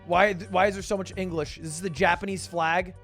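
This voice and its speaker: A man's voice: sits high, fairly even intonation, fairly quick, fairly bright tone, faint music behind. A young man streaming live, chatting casually and thinking aloud, with joking, mock-grand asides.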